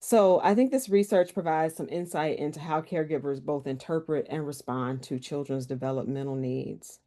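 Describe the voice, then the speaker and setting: A woman with a deep, warm voice presents a workshop talk over a video call. She answers questions in an earnest, conversational way, restarting a few sentences along the way.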